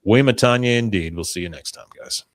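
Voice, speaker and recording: Low-voiced man rambling through a recap. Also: normal speed, a bit bright, dry recording. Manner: rambling, profane, chuckling asides. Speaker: podcast host. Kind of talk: casual chat recapping a cartoon episode.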